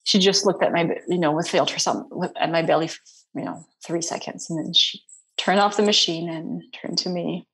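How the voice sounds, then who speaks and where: Soft-spoken woman, halting interview guest. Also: lowish voice, fairly even intonation. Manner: soft, halting, many restarts and fillers. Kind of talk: personal interview.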